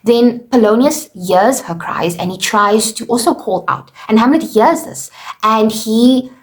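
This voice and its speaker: A woman's voice: a little high, a little slow. A woman teacher recapping a play for students in a casual lesson, filling her talk with "okay" and "you know" and paraphrasing the characters' lines. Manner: chatty, explains with paraphrased quotes, frequent "okay" and "you know".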